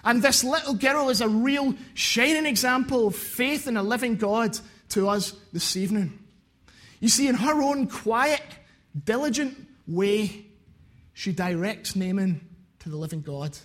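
A man preaching a sermon, earnest and repeating phrases for emphasis. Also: high voice.

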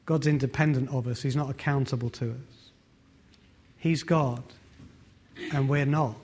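A man's voice: mid-range voice, fairly even intonation, measured pace, darkish tone, slight background noise. A man preaching a sermon, conversational in tone and asking the congregation rhetorical questions.

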